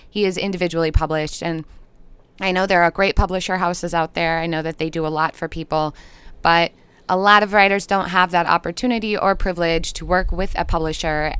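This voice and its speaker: A woman with a Minnesotan accent, giving a podcast intro in a gentle, earnest, unhurried way. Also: fairly low pitch, smooth, no room sound. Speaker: podcast host. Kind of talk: reflective podcast intro monologue.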